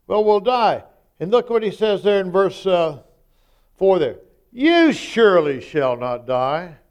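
A man's voice: high-pitched, very animated, unhurried, smooth, highs cut off. A man preaching a sermon, emphatic and conversational, acting out quoted lines.

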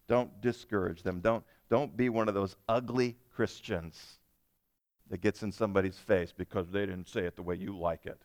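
A male pastor preaching a sermon, swinging from loud emphasis to soft, reflective lines and asking his congregation questions. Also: deep voice, steady tone, normal speed, no echo.

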